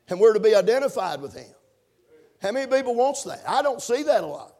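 A man preaching a sermon, punctuating his points with amens and building to shouted emphasis. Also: high voice, very animated, fairly quick, faint music behind. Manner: preaching with call-and-response amens, rising to shouts. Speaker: pastor.

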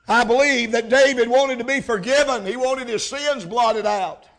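A man preaching a revival sermon, shouting and rising to impassioned cries. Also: very high-pitched, normal speed, few pauses.

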